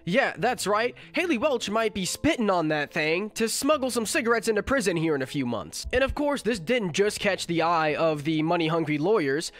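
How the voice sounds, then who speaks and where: A man's voice: high voice, big pitch swings, a bit bright, faint music behind. Sick, nasal young man mocking online. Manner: sarcastic, crude, fast-cracking jokes. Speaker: commentary YouTuber. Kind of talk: mocking internet commentary.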